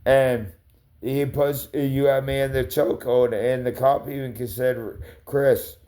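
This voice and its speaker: A livestreamer goes on a rambling, confrontational rant, swearing heavily and calling people out by name. His medium-pitched voice is mellow and unhurried, with fairly even intonation.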